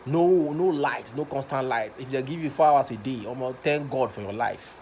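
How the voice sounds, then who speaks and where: A man's voice: medium pitch, moderate pace, darkish tone, a little hiss or hum. A man with a Nigerian accent, recording a passionate rant video, repeating himself and stumbling over words as he gets worked up. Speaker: vlogger.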